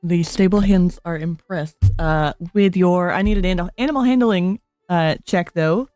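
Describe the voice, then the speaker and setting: Woman game master, lower voice, dry close sound, faint violin music underneath, calm narration. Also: normal speed, dry recording. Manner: calm, steady narration with hesitations.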